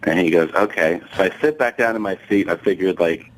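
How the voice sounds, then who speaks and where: A man's voice: sits low, quick pace, rough recording. A male comedian telling a profane anecdote on a talk show, acting out the dialogue and laughing along the way. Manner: animated, profane, acts out quoted dialogue, laughs mid-story. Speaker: guest comedian.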